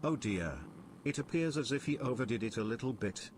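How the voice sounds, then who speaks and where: A man's voice: mid-range voice, expressive, fairly quick, voice pushed down, lightly acted. Give me a man doing a formal, apologetic announcer with a faint background hum.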